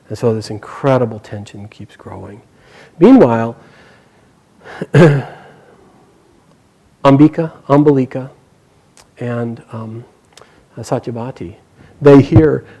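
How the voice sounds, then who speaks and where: A man casually retelling an epic story aloud, animated, with quick bursts and hushed quoted lines. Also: medium pitch, poor audio.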